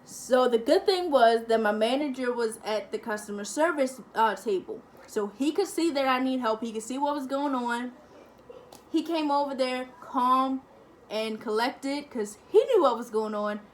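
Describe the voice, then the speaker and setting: High-voiced young woman telling a story. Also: normal speed. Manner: lively, chatty storytelling, acting out the other people. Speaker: family-channel vlogger. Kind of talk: casual storytime to camera.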